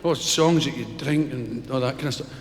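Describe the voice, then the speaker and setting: A Scottish man doing live stand-up, telling stories in a lively, animated way, recorded in a concert hall. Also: mid-range voice, normal speed. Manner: lively, animated storytelling with laughs. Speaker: stand-up comedian.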